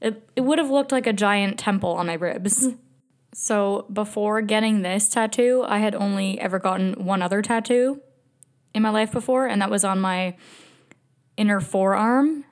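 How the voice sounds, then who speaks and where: A woman's voice: mid-range voice, moderate pace. A woman talks through a travel story on her podcast in a loose, chatty way. She laughs often, fills her talk with "like," and pokes fun at herself. She mentions she is fighting a migraine, and her words slip now and then. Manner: emotional, self-mocking. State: migraine, speech slipping. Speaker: podcast host. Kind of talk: casual storytelling monologue.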